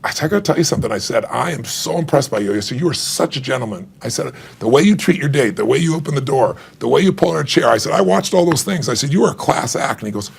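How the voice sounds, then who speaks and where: Gravelly, husky middle-aged man telling a story. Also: medium pitch, fast talker, few pauses. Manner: animated, acts out quoted dialogue, laughs often. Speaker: author and guest. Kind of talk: emotional storytelling in conversation.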